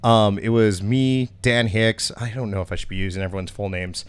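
A man's voice: on the low side, a little fast, clear, resonant tone. A young man hosting a podcast, casually telling a long story with lots of swearing and acted-out quotes. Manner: profane, animated storyteller acting out quotes. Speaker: podcast host.

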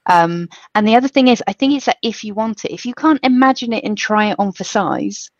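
A woman's voice: medium pitch, expressive, brisk, no echo, highs cut off. A woman guest in a podcast interview, telling a reflective story and quoting what others said to her. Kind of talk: casual interview chat.

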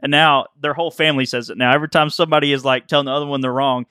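A man's voice: medium pitch, fairly even intonation, rapid-fire, sharp tone, clean tone, no echo, clean studio sound. A young man, co-hosting a podcast in casual chat and telling rambling stories with frequent laughs. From Alabama, US. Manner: rambling storyteller, laughs often. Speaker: podcast co-host.

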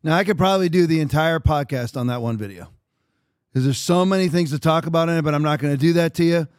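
A man in a casual podcast monologue, fired up and restarting his sentences as he repeats his figures. His voice is quite high for a man. The sound is dry and close to the mic. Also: quick pace, a little mellow, clean tone, no echo. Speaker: podcast host.

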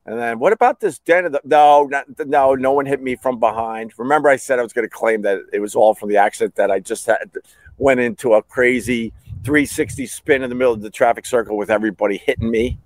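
A middle-aged man hosts his own podcast and spins a long, self-mocking story, stumbling over restarts as he acts out what everyone said. His voice sits in an ordinary middle pitch, recorded dry and close with no room sound. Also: fairly even intonation, fast, no room sound. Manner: rambling, self-mocking, full of restarts and acted-out dialogue. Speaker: podcast host. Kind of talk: casual storytelling monologue.

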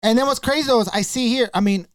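A man co-hosting a podcast, telling stories in a casual, profane, animated way. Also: extremely high pitch, quick pace, no room sound, clean studio sound. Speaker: podcast co-host.

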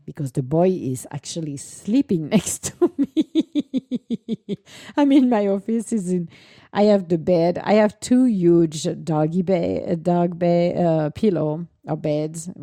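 Animated woman vlogger, low mellow voice. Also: unhurried, dry recording, clean studio sound. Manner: animated storytelling with laughs and acted quotes. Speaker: vlogger, dog owner. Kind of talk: casual chat.

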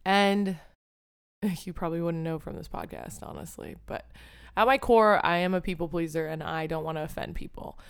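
A young woman talks through a casual solo podcast in a lowish, smooth voice. She rambles candidly, pokes fun at herself and swears freely. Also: big pitch swings, normal speed. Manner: candid, rambling and self-deprecating, with frequent swearing. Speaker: podcast host.

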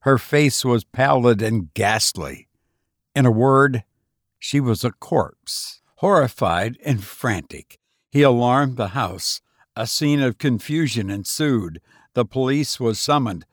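Brief: male narrator, unhurried and deliberate, very dry close sound. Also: mid-range voice, no room sound. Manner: measured, deliberate delivery. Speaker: podcast host and narrator. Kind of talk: scripted story reading.

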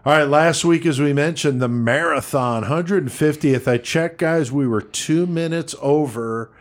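A man's voice: on the high side, a little slow. A man hosting a podcast in casual, profane, laid-back banter. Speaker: podcast host.

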